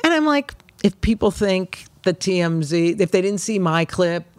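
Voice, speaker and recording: A middle-aged woman comedian chatting casually, telling stories in a brash, animated way and swearing freely. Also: on the low side, moderate pace, dry recording. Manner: brash, animated storytelling with profanity. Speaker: comedian guest. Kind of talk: casual chat.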